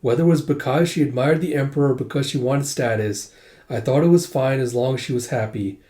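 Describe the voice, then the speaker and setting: A man's voice: medium pitch, fairly quick, mellow. Chatty man reading through a manga. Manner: chatty, filler-heavy retelling. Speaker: manga reviewer. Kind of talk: casual read-through of a comic.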